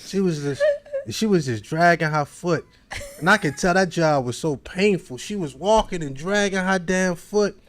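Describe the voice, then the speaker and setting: A man's voice: sits high, normal speed, a bit bright. A man with a Baltimore accent hosting a podcast, telling a long, rambling story in casual slang. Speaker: podcast host.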